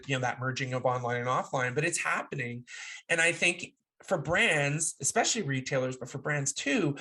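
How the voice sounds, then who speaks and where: A man co-hosting a casual podcast, talking in an animated, playful way and thinking out loud with frequent restarts. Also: on the high side. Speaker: podcast co-host.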